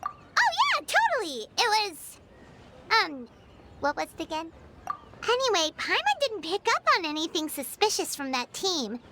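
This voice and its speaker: Tiny bubbly game fairy, super high squeaky voice, talks about herself in third person, noisy game audio. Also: female voice, very animated, moderate pace. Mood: chirpy. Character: tiny floating female fairy companion, chirpy and excitable. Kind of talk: game voice acting. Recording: game audio with audible background noise.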